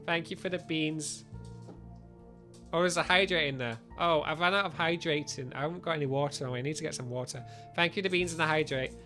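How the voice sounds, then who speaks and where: A chatty man streams a game live, talking into a studio mic with a pop filter. His voice sits fairly high and rings bright and forceful. Faint game music plays underneath as he keeps thanking his viewers. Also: a little fast.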